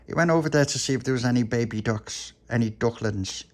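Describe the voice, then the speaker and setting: A man's voice: mid-range voice, brisk, darkish tone. A man narrating a homemade bedtime story in a homely, chatty way.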